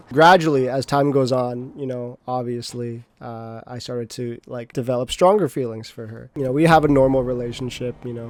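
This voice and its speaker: A man's voice: mid-range voice, fairly even intonation, a little fast, hardly any pauses, darkish tone. A young adult man streaming, telling a personal story in a rambling, self-mocking way with frequent restarts and swearing.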